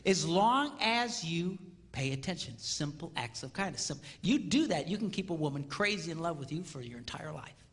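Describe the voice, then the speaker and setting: Animated man speaking on a hall stage. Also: a little high, moderate pace. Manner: animated, playful, acts out quotes with sound effects. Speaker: marriage seminar speaker. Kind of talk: comedic live seminar talk. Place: large hall with live audience.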